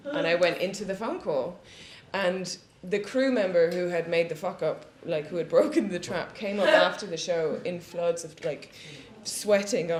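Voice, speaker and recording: Speaking at normal speed in a fairly low voice, this woman sits on a live panel in a studio before an audience, sharing candid, foul-mouthed anecdotes and laughing a lot. Crowd noise comes through, and the audio carries a roomy echo with light background hiss.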